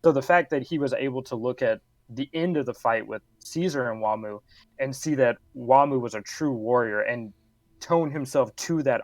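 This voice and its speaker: A man co-hosting a casual podcast, agreeable and explaining his views in a measured way. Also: mid-range voice, dry recording. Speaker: podcast co-host.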